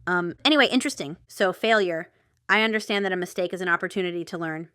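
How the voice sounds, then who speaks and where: A woman talks through a tarot spread in a loose, chatty way, wandering into asides and holding back laughter. Her voice is bright and smooth. The recording is close and dry. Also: fairly low pitch, quick pace, no echo. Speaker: tarot reader. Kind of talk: casual tarot reading to camera.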